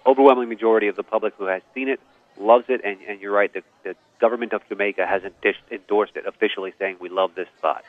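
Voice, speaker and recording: A man's voice: on the low side, steady tone, fast, no room sound. A man calling in as a guest, confidently commenting on TV ads with small restarts. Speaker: phone-in guest. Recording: tinny phone line.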